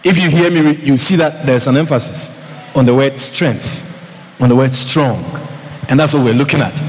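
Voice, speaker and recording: A pastor with a medium-pitched voice preaches a lively sermon at normal speed in a church hall, calling out to the congregation and repeating phrases for emphasis. The recording has long hall reverb, faint ambience, and slight background noise.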